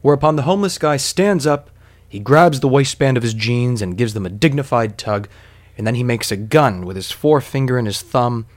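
A man's voice: medium pitch, brisk. A man telling a story casually, rambling and digressive, with lots of fillers.

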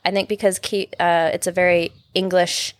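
A young woman from the United States, a podcast guest chatting casually, animated, swearing freely and laughing often. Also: on the low side, normal speed. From American. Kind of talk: casual chat.

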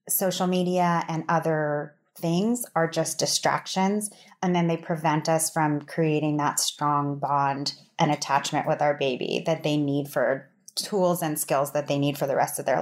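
A woman guest who is a parent educator, explaining things in a steady, encouraging way. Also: low voice. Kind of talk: interview answers.

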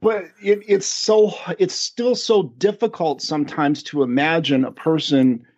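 A man's voice: on the high side, unhurried. Laughing man, lo-fi podcast chat. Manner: laughs often, animated storytelling. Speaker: podcast co-host. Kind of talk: casual chat.

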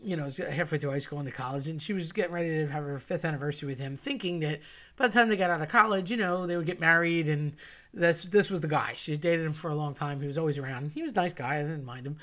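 A woman casually telling a funny personal story, chatty and animated, quoting friends and family in dialogue. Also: low voice, quick pace. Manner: chatty and animated, quotes others in dialogue, laughs at herself.

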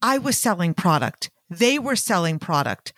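A middle-aged woman hosting a podcast, telling a personal story with lively acted-out dialogue and frequent filler phrases. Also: fairly low pitch, moderate pace, no echo. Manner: animated, acts out quoted dialogue; fillers like "long story short" and "like". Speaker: podcast host. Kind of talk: storytelling monologue.

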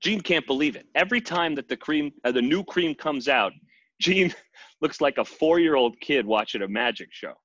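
A man telling rambling, deadpan comic stories in character during an interview. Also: fairly high pitch, moderate pace, dry recording, dull audio. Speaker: comedian in character as a wrestling caterer. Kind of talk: improvised comedic storytelling.

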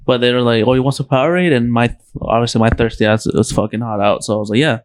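A man's voice: mid-range voice, level tone, quick pace. A young man in casual podcast chat, telling loose stories with lots of swearing. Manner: loose storytelling, swears a lot.

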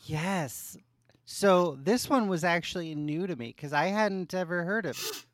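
A woman co-hosting a casual podcast, easygoing and quick to laugh, often trailing off mid-thought. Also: on the low side, animated, dry recording, studio quality. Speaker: podcast co-host. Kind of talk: casual chat.

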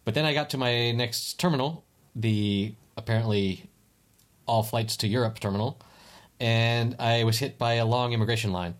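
A man co-hosting a casual podcast, spinning a rambling travel story. He keeps restarting his sentences. His voice sits at a middling pitch. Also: normal speed. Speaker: podcast co-host. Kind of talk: casual chat. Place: lives in Spain.

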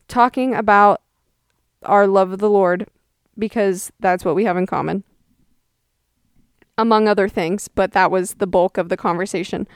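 A woman's voice: mid-range voice, smooth, no echo, clean studio sound. A young woman in her twenties hosting a podcast, telling a story in a chatty, wry way and quoting people in exaggerated voices. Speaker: podcast host. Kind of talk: casual storytelling monologue.

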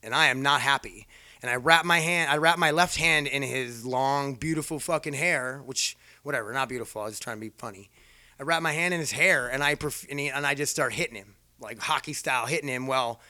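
A man's voice: mid-range voice, a little fast, bright, forceful tone, no echo, studio quality. A man casually telling a rambling personal story, swearing freely and poking fun at himself. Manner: profane, rambling, self-mocking.

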